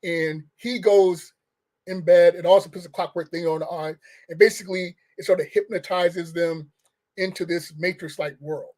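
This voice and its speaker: A man's voice: sits high, fairly even intonation, normal speed, a little mellow. A man giving a casual, rambling movie review rant, firing off questions with restarts and short laughs. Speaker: film reviewer.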